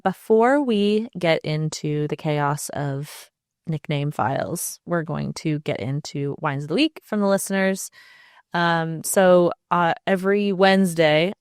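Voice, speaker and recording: A woman chats her way through a solo podcast, animated and quick to laugh. Her voice sits a little low, and the close, dry mic leaves no room sound. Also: clear, resonant tone, no room sound. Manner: chatty and animated, laughs often, jokey asides. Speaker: podcast host. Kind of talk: casual solo podcast chat.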